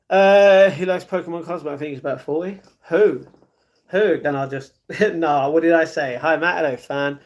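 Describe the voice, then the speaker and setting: A man's voice: a little high, measured pace. A man live streaming, chatting casually and reading viewer comments aloud, often laughing.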